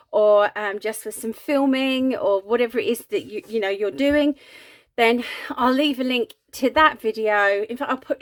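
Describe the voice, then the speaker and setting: A woman hosting a casual crafting vlog from her home craft room, chatty and giggly, a little breathy from asthma. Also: fairly high pitch. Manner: chatty, giggly, rambling with many ums. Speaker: craft channel host.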